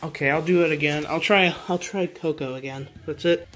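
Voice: mid-range voice, fairly even intonation, brisk, background noise. A pet vlogger at home by the birdcages, coaxing the birds in casual, sing-song baby talk.

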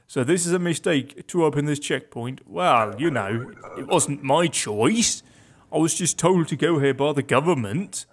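A man's voice: on the high side, lively intonation, measured pace. A man giving casual, joking commentary as he plays a video game at his computer. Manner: chatty and joking, talking to himself while playing. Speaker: gaming video host. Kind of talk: casual let's-play commentary.

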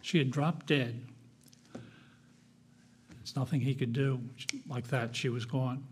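A man speaking from the pulpit of a church, telling his own story. He talks in a plain, conversational way, pausing often with small fillers. His voice sits at an ordinary middle pitch. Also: fairly even intonation, slight background noise. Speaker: guest speaker. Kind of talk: personal testimony sermon.

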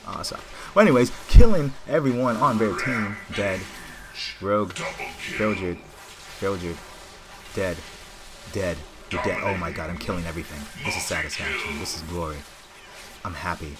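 Excitable man trash-talking over gameplay. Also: low voice, moderate pace, long pauses. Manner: excitable, rambling trash talk at opponents. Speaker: gaming channel host. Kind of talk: live gameplay commentary.

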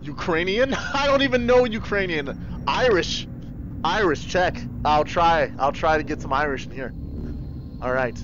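A man hosting a livestream, giving casual game commentary in an excitable, goofy way and thinking aloud. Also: a little high, a little slow, lo-fi sound, background noise. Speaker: livestream host.

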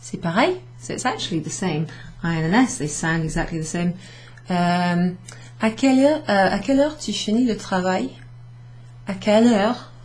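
This recorded class is a chatty beginners' summary lesson from a Welsh woman who teaches French, self-correcting at the board and moving between English and French with light laughter. Her medium-pitched voice is slightly mellow, with lively intonation at normal speed.

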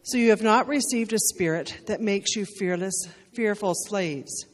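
A woman's voice: mid-range voice, moderate pace. Woman reading scripture in a church hall. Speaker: scripture reader. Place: church sanctuary.

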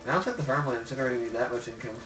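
A man's voice: medium pitch, racing, a bit bright, soft background music, low-quality recording. A man hosting a game stream, chatting casually in a joking, laid-back way and swearing freely. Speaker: streamer host playing a city-building game. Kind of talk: casual chat.

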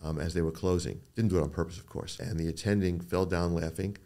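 Older man with a deep gravelly voice. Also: quick pace. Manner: storytelling, quotes people in animated voices. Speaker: neuro-oncologist guest. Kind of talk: podcast interview.

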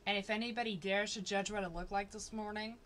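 A woman's voice: medium pitch, steady tone, fast talker, fairly bright tone, a little hiss or hum. A woman hosting a casual stream from her home, joking and teasing in a playful way. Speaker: streamer and host. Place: home room, noise from upstairs.

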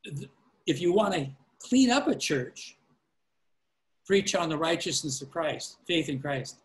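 A man who pastors, teaching a class on preaching over a call. His voice sits a touch high, and he gives earnest, fatherly counsel, often restarting sentences mid-thought. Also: expressive, measured pace, poor audio. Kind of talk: informal teaching on a video call.

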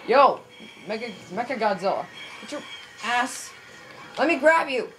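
Brief: woman, let's-play commentary, lively swooping voice, unhurried pace, jumpy and loud at the screen, faint hiss behind. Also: fairly high pitch. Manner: excitable, yelps and shouts at the game, swears. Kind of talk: casual gameplay commentary.

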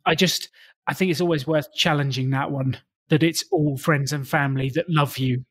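A man's voice: a little high, fairly even intonation, normal speed, a bit bright. A man co-hosting a podcast as a coach, asking friendly questions and laughing along. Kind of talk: casual podcast chat.

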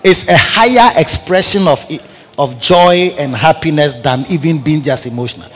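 A man with a Ghanaian English accent, a bishop preaching a sermon in animated, repetitive bursts, calling out to his congregation. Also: fairly high pitch, moderate pace. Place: large church hall. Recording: church hall reverb with congregation.

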